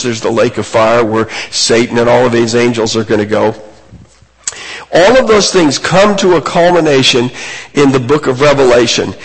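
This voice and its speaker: Male preacher, slow and husky, earnest sermon delivery, long hall reverb. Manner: earnest, emphatic, rises in pitch on key points.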